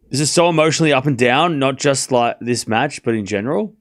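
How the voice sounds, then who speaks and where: A young man hosts a live tennis watchalong, his mid-range voice running a little fast. He calls out scores and reads chat, responding to viewers with joking mock anger in casual commentary.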